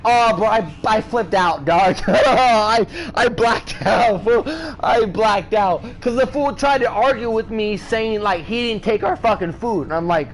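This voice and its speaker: A man with a high-pitched voice spins a rambling, profane story while gaming, full of slang and repetition. He keeps circling back and building the heat, over a faint hiss. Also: moderate pace, few pauses, rough recording. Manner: repeats himself and builds up heat. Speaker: gaming streamer. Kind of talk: casual storytelling while playing.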